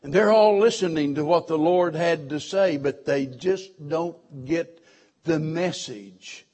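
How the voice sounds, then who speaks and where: A man preaching a sermon as pastor, slow and deliberate, drawing out words for emphasis. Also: fairly high pitch, darkish tone.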